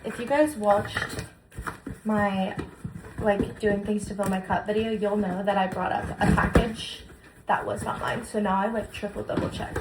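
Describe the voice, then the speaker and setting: A young woman chatting excitedly as she unboxes gifts for her vlog, gushing over each item. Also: mid-range voice, measured pace, pauses often. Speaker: lifestyle vlogger. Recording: echoey room, noisy background.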